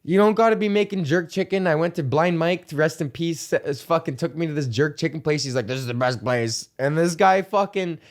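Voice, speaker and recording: A man's voice: a little high, brisk, few pauses. A young man hosting a comedy podcast, ranting in a casual, rambling way, swearing and laughing often. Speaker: podcast host.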